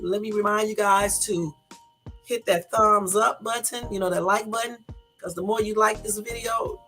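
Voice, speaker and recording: Chatty fast-talking woman livestream host. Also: mid-range voice, a bit bright. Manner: talks very fast, chatty and rambling. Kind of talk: casual livestream chat.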